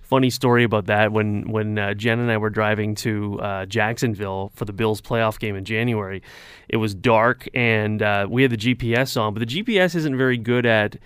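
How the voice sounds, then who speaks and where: A man's voice: on the low side, fairly even intonation, normal speed, fairly bright tone, clear, resonant tone, no echo. A man on a radio talk show, telling rambling stories with lots of fillers, chatting with the host in the studio. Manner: rambling, anecdotal, many fillers. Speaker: radio weather announcer, show regular. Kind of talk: casual radio talk, storytelling.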